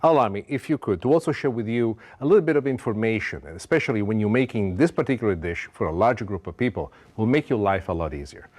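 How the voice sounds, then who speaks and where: A man's voice: fairly low pitch, a little mellow. A middle-aged man with an Italian accent, hosting a cooking demonstration in a playful, theatrical way and dropping Italian phrases. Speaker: cooking show host.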